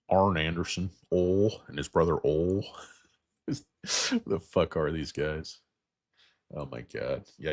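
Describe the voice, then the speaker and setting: A man with a hoarse voice from getting sick, hosting a casual livestream about stocks. He rambles, jokes crudely and talks to his viewers. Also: extremely low pitch, dry recording, clean studio sound. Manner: rambling, crude, joking asides. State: losing his voice, feeling sick. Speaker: stock market livestream host.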